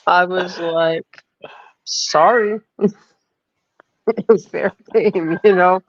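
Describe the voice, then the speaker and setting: A woman's voice: on the low side, very slow. A woman hosting a livestream, telling long rambling stories with many fillers and reading chat aloud. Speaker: livestream host. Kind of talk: casual storytelling on a livestream. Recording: dull lo-fi stream audio.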